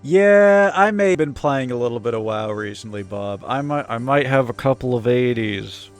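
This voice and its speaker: Casting: a young male streamer, mid-pitched, joking and sarcastic, faint music behind. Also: moderate pace. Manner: jokey, animated, sarcastic. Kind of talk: casual gaming livestream commentary.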